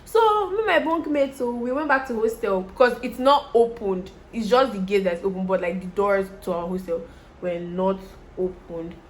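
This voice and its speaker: A woman's voice: medium pitch, normal speed. A young Nigerian woman with a Nigerian accent, chatting to viewers and telling a story while doing her make-up. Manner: chatty, animated, addresses viewers directly. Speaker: vlogger.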